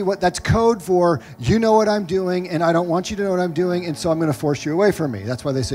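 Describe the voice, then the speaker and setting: A middle-aged pastor preaching a sermon in a church, telling a personal story with lively, acted-out quotes. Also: male voice, high voice, fairly quick, faint music behind. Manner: animated storytelling, acts out quoted voices. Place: church sanctuary.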